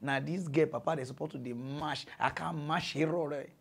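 A Nigerian man hosting a comic mock news show, ranting and mocking in a voice that swings between shouting and muttering. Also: fairly high pitch, moderate pace, gravelly, hardly any pauses. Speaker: comedic mock news host. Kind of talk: comic rant in Pidgin.

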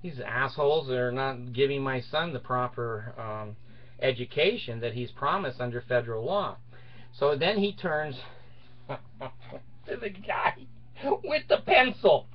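A man's voice: mid-range voice, expressive, a little slow, lo-fi sound. Middle-aged man telling a crude, laughing story. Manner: laughs through his story, crude and boastful. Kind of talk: casual personal anecdote.

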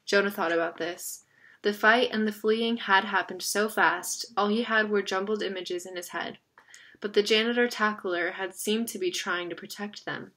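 A woman reading a children's novel aloud in a steady storytelling manner, stumbling over a word now and then. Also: medium pitch, normal speed. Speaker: narrator.

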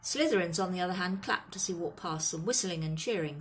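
A woman narrating a children's fantasy book in a steady, expressive reading voice. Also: fairly low pitch, fairly quick. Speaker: audiobook reader. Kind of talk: storybook narration.

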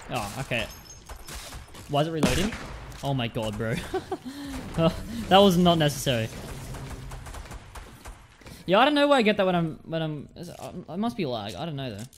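A man's voice: on the high side, big pitch swings, normal speed, pauses often, noisy background. A young man with a light Australian accent giving casual gameplay commentary to viewers, often repeating his words. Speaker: gaming streamer.

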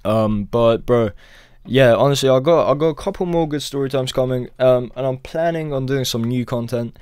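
A young man rambles through a casual storytime, swearing constantly and tacking "bro" onto nearly every line. His pitch sits at an ordinary middle height. The sound is dry and close, with no room around it. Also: moderate pace, darkish tone, clear, resonant tone, dry recording. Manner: rambling, profane, peppered with "bro". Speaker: storytime vlogger.

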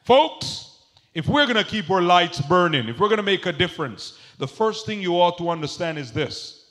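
Speaking at a normal speed in a high-pitched voice, a male pastor delivers a very animated sermon. He prompts his congregation to respond, moving between quiet asides and shouted emphasis.

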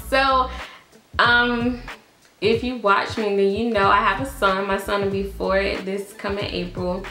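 A woman's voice: medium pitch, pushed and bright, roomy sound. A woman, telling a casual storytime as a vlogger, chatty and laughing, full of "like" and "y'all". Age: early 20s.

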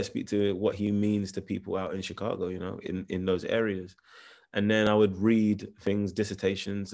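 Deep-voiced man with a London accent. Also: gravelly. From England. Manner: thoughtful, searching for words with restarts. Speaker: actor, interview guest. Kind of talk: casual interview answers.

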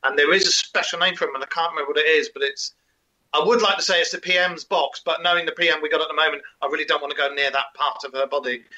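A man's voice: a little high, fairly even intonation, quick pace, bright, forceful tone, dull audio. A man co-hosting a casual chat, joking and opinionated with mock-grumpy rants. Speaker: podcast co-host.

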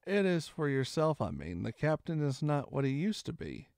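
A man's voice: a little high, sing-song, normal speed, creaky, a little mellow, dry recording, studio quality. A man voicing a polite, frightened young boy who pleads with a stranger, in a storybook reading. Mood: pleading.

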